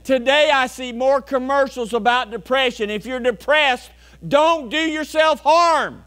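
A pastor preaching a folksy, animated sermon, asking the congregation questions and telling homey stories. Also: male voice, very high voice, unhurried, clear, resonant tone. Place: church sanctuary.

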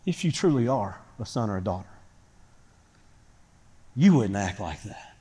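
A pastor preaching a sermon to his church, swinging from quiet talk to loud shouting. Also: on the low side, very animated, unhurried, breathy edge. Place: church sanctuary. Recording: church hall reverb.

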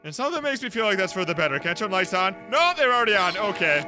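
A man's voice: sits high, very animated, very fast, bright, forceful tone, soft background music. A man doing horror game commentary, jumpy, screaming and laughing nervously. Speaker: gameplay video host.

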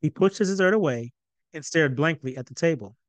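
A man reading his own novel aloud in an even storytelling narration. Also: a little high, brisk, no echo. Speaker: author.

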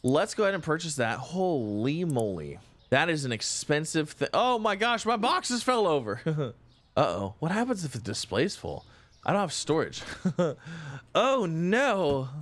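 A man hosting a casual let's-play, chatty and excitable, thinking aloud with frequent exclamations. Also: a little high, moderate pace. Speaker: gaming channel host.

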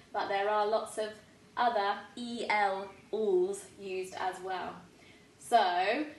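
A woman with an English accent, a primary school teacher, talks young pupils through their spellings at a chalkboard. She speaks slowly and carefully, with a slightly raised voice and plenty of bright encouragement. She is caught from across an echoey classroom, with a faint hum of room noise. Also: medium pitch, distant mic. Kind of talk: spelling lesson for children. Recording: echoey room, voice away from the mic.

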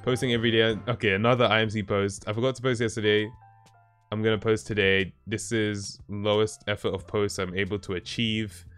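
A man's voice: fairly low pitch, flat delivery, brisk, a bit bright, clean tone. A man livestreaming who chats casually with his viewers, laid-back and often chuckling as he reacts to their posts. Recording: stream with faint background music.

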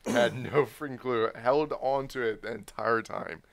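A man's voice: mid-range voice, a little slow, creaky, a bit bright, dry recording. A man in casual chat, telling a work story in a matter-of-fact way. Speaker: manager.

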